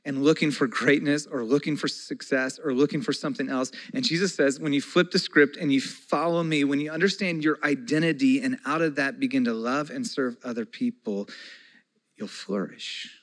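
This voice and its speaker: A man's voice: medium pitch, steady tone, brisk, few pauses, a bit bright. A man in his forties preaching a sermon as pastor, earnest and conversational, with folksy asides.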